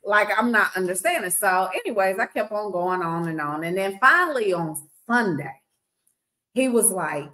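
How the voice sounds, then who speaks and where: A woman's voice: mid-range voice, big pitch swings, moderate pace, bright, forceful tone, poor audio. A woman casually recounting a story on a podcast, blunt and sassy, acting out both sides of a conversation.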